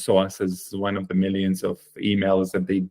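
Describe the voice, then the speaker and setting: A man guesting on a podcast interview, telling his story in an earnest, animated way with plenty of fillers. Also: low voice, fast. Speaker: guest, chocolate company founder.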